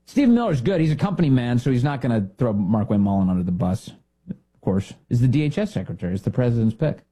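Male talk host, blunt and sarcastic, husky mellow voice, lively pitch swings. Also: fast talker. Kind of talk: opinionated political commentary.

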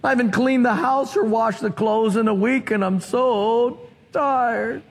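An exhausted young mother pours out her complaints, as a male preacher puts her on. The voice sits fairly high and the delivery is slow and weary. A long echo from a large hall trails behind it.

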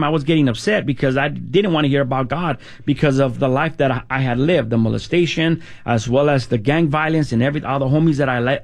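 Casual man telling his testimony. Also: on the high side. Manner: casual, repeats words, says "man" often. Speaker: guest sharing testimony. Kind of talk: personal testimony storytelling.

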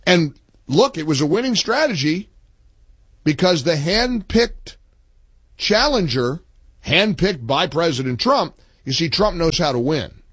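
An older man hosting a political talk radio show, delivering an emphatic monologue that swings between low asides and high outbursts. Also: lively intonation, measured pace, a bit bright, husky, no echo.

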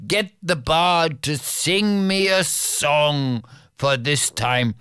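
Demanding fairy-tale king put on by a storyteller, slow and lilting, dry close mic. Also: medium pitch, lively intonation, fairly bright tone, smooth, dry recording.

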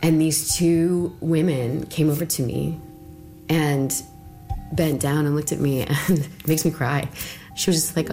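A woman's voice: deep voice, moderate pace, a little mellow, soft background music. A woman being interviewed, casually recounting what happened to her, chatty and full of "like", acting out what people said. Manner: chatty, full of "like", acts out quotes. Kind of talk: casual recounting of personal experience.

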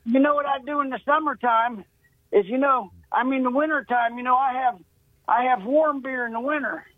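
A man's voice: very high voice, moderate pace, no room sound. A male caller phoning into a radio show, joking around in a drawling manner. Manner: joking, drawling, says "y'all". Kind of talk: call-in chat. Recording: tinny phone line.

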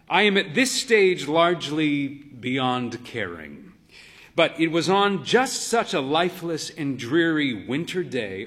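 Man reading a story aloud, slow and measured, voice goes up and down a lot, kinda dry and wry. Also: medium pitch, fairly bright tone. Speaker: narrator.

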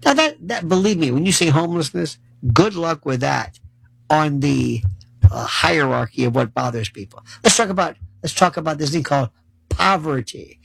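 Sarcastic man ranting, gravelly and lively. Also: on the high side, moderate pace, no echo, low-quality recording. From United States. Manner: sarcastic, animated, mocking voices. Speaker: commentator. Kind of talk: ranting monologue to camera. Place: New York City.

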